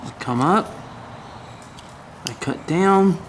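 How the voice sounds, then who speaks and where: A man's voice: sits high, slow pace, slight background noise. A man giving a casual step-by-step woodcarving lesson, folksy and chatty, humming to himself as he works. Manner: folksy, hums and mutters while working. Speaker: woodcarving instructor.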